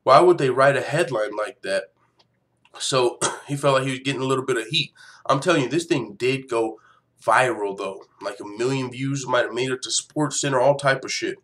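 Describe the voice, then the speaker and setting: A man's voice: mid-range voice, brisk. A man hosting a fight news show, ranting casually with lots of swearing and laughter. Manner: profane, animated, laughs often. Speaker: MMA news show host. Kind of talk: casual commentary rant.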